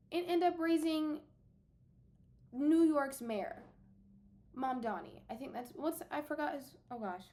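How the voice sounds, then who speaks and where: A woman's voice: sits high, darkish tone. A young adult woman venting casually to her viewers, emphatic and exasperated, talking straight to the camera. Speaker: vlogger.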